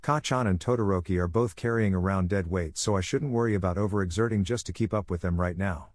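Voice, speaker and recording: A man narrating a fan fiction audiobook in a steady storytelling manner. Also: low voice, fast.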